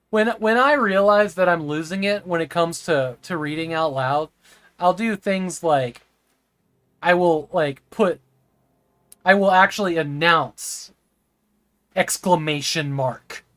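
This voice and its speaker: A man's voice: high voice, unhurried, a bit bright, no echo. A man streaming a game live, rambling and chatting with viewers, sometimes stammering over words. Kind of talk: live gameplay stream chat.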